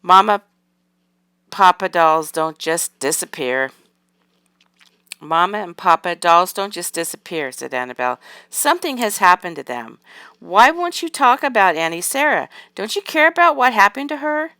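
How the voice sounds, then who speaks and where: A woman's voice: fairly low pitch, lively intonation, a little slow, pauses often, bright, forceful tone, clean tone, no room sound, studio quality, heavily acted. A woman reading aloud, voicing a curious, insistent little girl doll in a storybook. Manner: eager, pressing questions.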